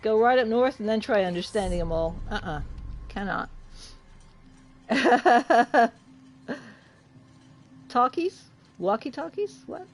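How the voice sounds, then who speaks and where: A woman from the UK talks her chat through a game in an unhurried, rambling way. She laughs often and keeps up a steady, casual patter. A little music hums faintly behind her. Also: a little high. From United Kingdom. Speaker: game streamer. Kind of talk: casual gaming livestream chat.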